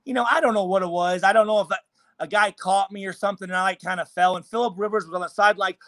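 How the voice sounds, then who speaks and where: A man in a hotel room on a video call, a former football player telling animated, profane stories in casual chat. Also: high voice, fast, dry recording. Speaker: former NFL player guest.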